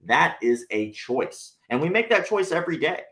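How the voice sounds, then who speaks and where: A man telling a story on a podcast in casual chat, animated and profane, acting out the people he quotes. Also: fairly high pitch, normal speed. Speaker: podcast guest.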